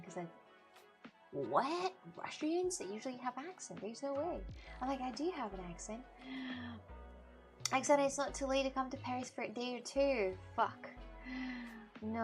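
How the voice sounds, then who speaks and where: A woman streamer chatting casually with her live chat, laughing often and restarting her sentences. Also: a little high. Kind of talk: casual IRL livestream chat.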